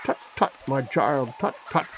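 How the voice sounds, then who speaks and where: A man's voice: sits high, very animated, normal speed, slight background noise. A man voicing an absent-minded, fussy old professor who mildly repeats himself in a storybook reading. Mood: dithering.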